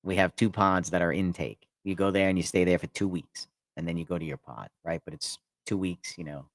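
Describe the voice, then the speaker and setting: A man telling stories about his past work in a casual chat, animated and laughing often. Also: brisk, dry recording. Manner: animated, laughs often, acts out inmates in a loud high voice. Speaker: podcast guest. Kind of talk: casual storytelling.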